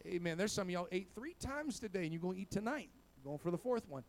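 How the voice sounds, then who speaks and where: High-voiced man preaching a sermon. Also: expressive, fast. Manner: preachy, punctuates with amen and praise God; swings from low asides to loud exhortation. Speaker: pastor.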